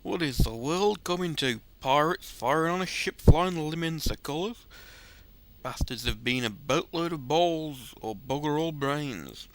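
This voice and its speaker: Man putting on a gruff old-salt sailor. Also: a little high, animated, measured pace, fairly bright tone, voice pushed up. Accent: put-on rough seafaring accent. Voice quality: rough, drawling folksy speech. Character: gruff, chatty adult male sailor. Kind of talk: reading game dialogue aloud in character.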